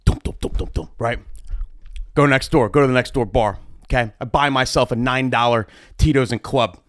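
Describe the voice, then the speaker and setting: A man, a wedding DJ and show host, telling a story in a chatty, animated, profane way into a studio mic. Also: medium pitch, normal speed, no room sound. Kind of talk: storytime monologue. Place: home streaming setup. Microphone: studio mic on boom arm. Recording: dry close studio mic.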